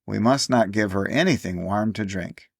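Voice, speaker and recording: A man's voice: fairly low pitch, moderate pace, creaky, breathy edge, dry recording, studio quality. A man voicing a little girl in a storybook reading, earnest and explaining things with grave wisdom. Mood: eager. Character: little girl, eager and wise beyond years.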